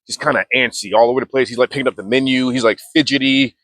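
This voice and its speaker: A young man talks straight to the camera in a relaxed, slangy way, often stopping to restart his sentences. His voice is mid-pitched, and the recording is dry and close, with no room sound. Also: fast talker, dry recording. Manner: laid-back slangy talk with many restarts. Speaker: mindfulness vlogger. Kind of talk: casual storytelling monologue.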